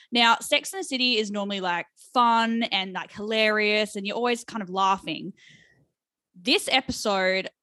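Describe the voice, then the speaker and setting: A woman's voice: medium pitch, fairly bright tone, dry recording, studio quality. A young woman co-hosting a podcast, telling a story in a chatty, self-mocking way. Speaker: podcast co-host. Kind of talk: casual chat.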